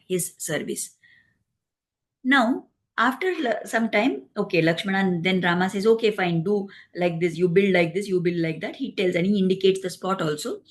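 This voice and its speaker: A woman telling a devotional story in a gentle, explanatory way. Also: mid-range voice. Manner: gentle, explanatory, acts out quoted dialogue.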